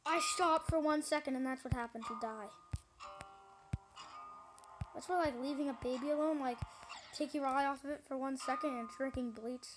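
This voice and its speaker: A woman's voice: high voice, normal speed, pauses often, rough recording. A young woman giving gameplay commentary, frustrated and exclamatory, talking to her viewers. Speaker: gaming YouTuber. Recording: game music playing loudly. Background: loud game music.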